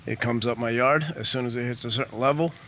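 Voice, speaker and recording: A man's voice: mid-range voice, fast, pushed and bright, a little hiss or hum. A man giving a nervous, emotional public comment at a meeting, hesitant and full of ums.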